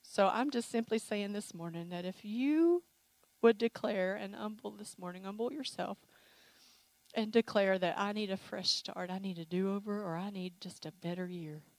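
A woman preaching a sermon with an altar call, emotional and animated, with playful acted asides. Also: medium pitch, moderate pace, dry recording, low-quality recording. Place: church sanctuary.

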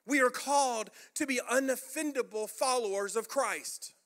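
A man's voice: very high voice, normal speed, a bit bright. A man preaching a sermon as pastor, emphatic and rhetorical, repeating phrases for effect.

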